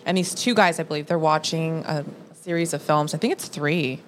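Female guest, deep voice, relaxed and chatty, light background noise. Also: moderate pace. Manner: chatty, laughs easily. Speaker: podcast guest. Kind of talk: casual chat.

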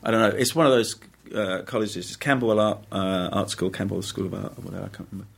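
A man's voice: fairly low pitch, fairly even intonation, fast talker, creaky, husky. A middle-aged man, an actor telling stories in a casual interview, rambling with restarts and frequent laughs. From England. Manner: rambling, self-correcting, laughs often. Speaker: actor, guest.

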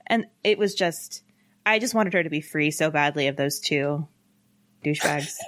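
A woman's voice: mid-range voice, moderate pace. A woman co-hosting a podcast, chatting casually with blunt, swearing opinions. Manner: animated, blunt, swears freely. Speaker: podcast co-host.

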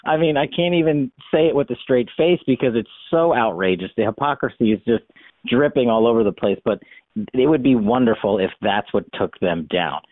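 A man's voice: medium pitch, lively intonation, brisk, dry recording. Man, interview guest on a dry, phone-like line; emphatic, argumentative delivery. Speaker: guest, former congressional investigator. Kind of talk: political commentary interview.

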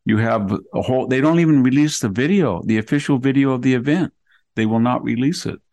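A man's voice: mid-range voice, a little fast, darkish tone. An older man hosting a podcast, talking through long hypotheticals in conversational commentary. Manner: long hypotheticals, acts out quoted people. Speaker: podcast host.

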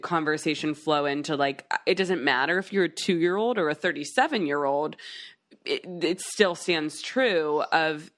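Low-voiced woman co-host, agreeable. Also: moderate pace, fairly bright tone. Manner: agreeable, affirming, many "like" fillers. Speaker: podcast co-host. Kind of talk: casual chat.

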